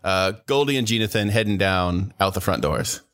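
A man's voice: low-pitched, expressive, moderate pace, fairly bright tone, clean tone. A man running a tabletop game as game master, talking in a laid-back, rambling way and often laughing. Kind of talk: narrating a tabletop game and voicing side characters.

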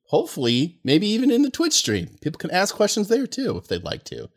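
A man, the storyteller of a tabletop podcast, talking in a relaxed, rambling way, with many fillers. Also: high-pitched, a little fast. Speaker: storyteller and game master of a podcast. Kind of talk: casual podcast chat.

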